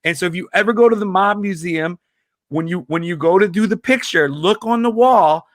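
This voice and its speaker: A man telling a story as a comedian guest, animated, laughing often and acting out the people he quotes. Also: high voice, brisk, dry recording, studio quality. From Chicago. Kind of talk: casual storytelling in an interview.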